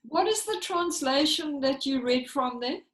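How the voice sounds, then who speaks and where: Woman host, high voice, encouraging, laughs a lot, roomy echo. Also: animated, a little slow, fairly bright tone. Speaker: podcast host. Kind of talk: casual chat.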